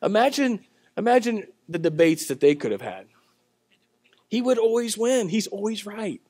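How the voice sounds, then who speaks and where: A man preaching a sermon at a church service, telling the story in a conversational way and swinging between loud, emphatic lines and quiet ones. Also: high voice, expressive, normal speed, no room sound. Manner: conversational storytelling with acted-out voices. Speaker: pastor.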